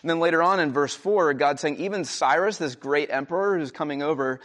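A man's voice: on the high side, fairly quick, fairly bright tone. A young adult man, a pastor, preaching a sermon in a conversational storytelling way, raising his voice for emphatic quotations. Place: church.

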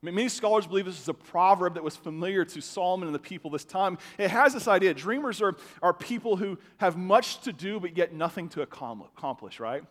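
Male pastor, slightly high voice, casual animated sermon delivery, long church reverb. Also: a little fast, hardly any pauses. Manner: conversational, animated, with stammered restarts. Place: church sanctuary.

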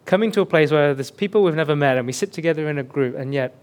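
An Englishman with a mostly suppressed Birmingham accent preaches as a guest pastor, his slightly high voice moving at a quick pace. The sermon is chatty and self-deprecating, delivered into a headset mic that keeps slipping off.

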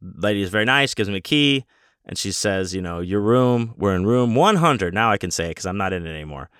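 A man's voice: deep voice, expressive, fast talker, bright, forceful tone, clear, resonant tone, no room sound, studio quality. A man telling a rambling, profane story in a casual way, with many restarts. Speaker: convention guest.

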